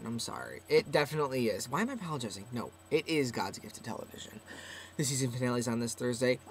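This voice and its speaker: A man's voice: medium pitch, lively intonation, fast, soft background music. Rambling self-mocking teenage boy vlogger. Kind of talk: casual webcam vlog. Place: small closet, indoors.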